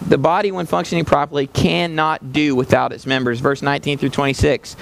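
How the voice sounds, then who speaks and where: A man preaching with fervor, often climbing into emphatic peaks before settling back down. His voice sits a little high and has a gravelly edge. A faint hiss runs under the recording. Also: steady tone, fairly quick, hardly any pauses. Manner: passionate, rising to emphatic peaks, addresses congregation directly. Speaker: preacher, visiting missionary. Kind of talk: sermon.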